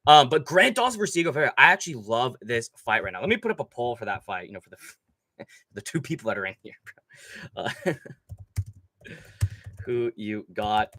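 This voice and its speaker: A young man hosting a live stream, chatting casually with lots of swearing and slang, excitable and loose. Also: medium pitch, moderate pace, pauses often, no room sound. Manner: profane, excitable, loose slangy talk with lots of "bro" and "dude". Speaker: livestream host. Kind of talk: casual livestream chat.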